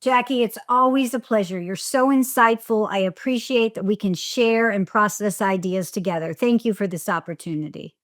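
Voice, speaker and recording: A middle-aged woman, a divorce coach, speaking as a podcast guest and explaining ideas in a calm, affirming way. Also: medium pitch, moderate pace, hardly any pauses, no echo, clean studio sound.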